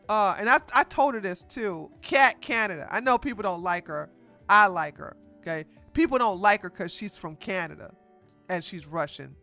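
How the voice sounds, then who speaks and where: A woman giving casual reaction commentary as a streamer, animated and laughing often as she reads posts aloud. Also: mid-range voice, normal speed, soft background music.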